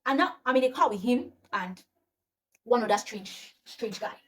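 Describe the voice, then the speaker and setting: A young woman with a Nigerian accent telling a personal storytime to her viewers in a chatty, animated way. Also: a little high, normal speed. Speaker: vlogger. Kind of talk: storytime vlog.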